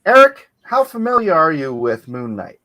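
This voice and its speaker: A man's voice: a little high, big pitch swings, normal speed, sharp tone. A man hosting a casual livestream chat on a computer mic, rambling and laughing often. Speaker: livestream host. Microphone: computer mic on a video call.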